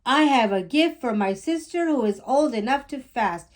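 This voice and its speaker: A woman's voice: high-pitched, expressive, normal speed. A woman voicing a boy, the affectionate older brother in a children's picture book.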